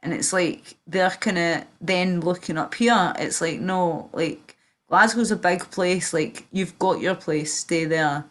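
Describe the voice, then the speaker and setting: A woman's voice: fairly low pitch, slow pace, fairly bright tone. A Northern Irish woman hosting a casual livestream chat, rambling and swearing, with lots of fillers and trailing-off sentences. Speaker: stream host.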